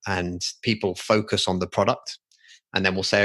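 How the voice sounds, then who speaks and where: Deep, flat-voiced man explaining. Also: quick pace. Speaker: podcast guest, agency founder. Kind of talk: casual podcast chat.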